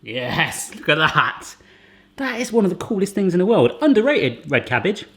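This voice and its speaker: A man's voice: high voice, very animated, normal speed, a bit bright. Chatty man with a raised voice. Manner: chatty, jokey, rambling asides. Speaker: cooking channel host. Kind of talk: casual cooking demonstration.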